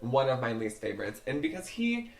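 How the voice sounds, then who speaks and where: A man's voice: mid-range voice, sing-song, a little fast, creaky. A man co-hosting a podcast in casual chat, throwing in sassy remarks and calling people girl and honey. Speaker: podcast co-host.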